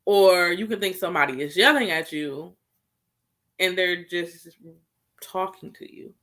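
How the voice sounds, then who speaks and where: A young woman co-hosting a casual chat about marriage, candid and quick to laugh, talking straight to the viewers. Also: lowish voice, fairly bright tone. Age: young adult. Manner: candid, laughs often, talks to viewers as y'all. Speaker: co-host.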